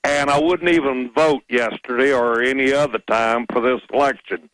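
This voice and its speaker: A man calling in to a radio talk show, speaking in a measured, storytelling way. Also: medium pitch, steady tone, a bit bright, clean tone, no echo, rough recording. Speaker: caller. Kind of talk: phone-in radio call.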